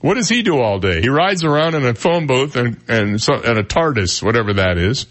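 A man hosts a morning radio show, joking and chatting loosely. His pitch swings widely as he laughs his way through stories, sitting at a mid pitch. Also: fairly quick. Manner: animated, joking, laughs often, puts on silly voices. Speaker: radio talk show host. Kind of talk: casual morning radio chat.

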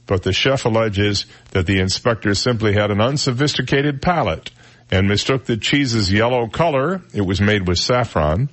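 A man hosting a talk radio show, chatting wryly and joking about odd news stories in a studio. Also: lowish voice. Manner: wry, joking, drawn-out delivery.

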